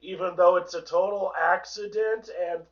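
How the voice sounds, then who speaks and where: A man with a hoarse voice hosting a sarcastic, profane political rant, in a dull, distant home recording. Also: high-pitched, fairly even intonation, moderate pace. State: hoarse from a sore throat. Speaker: host. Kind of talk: ranting political commentary.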